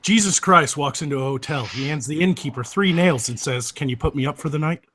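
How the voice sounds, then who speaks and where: A man's voice: on the high side, a little fast, fairly bright tone. A man on a panel telling jokes in a casual chat, with a matter-of-fact delivery. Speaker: panel guest.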